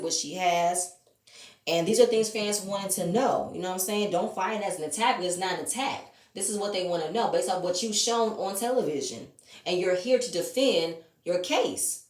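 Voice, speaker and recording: A woman's voice: medium pitch, roomy sound, distant mic. A woman giving a blunt, heated, profane review of a reality show reunion in casual commentary.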